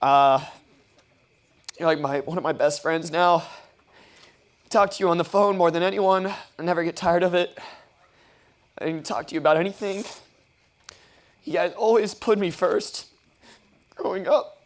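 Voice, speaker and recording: Young groom rambling thru his wedding speech, lotsa ums, choked up, voice a bit high. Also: steady tone, moderate pace, pauses often, clean tone. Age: young adult. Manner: rambling with many ums, fighting back tears. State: tearful, choked up. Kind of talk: heartfelt wedding toast. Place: wedding reception.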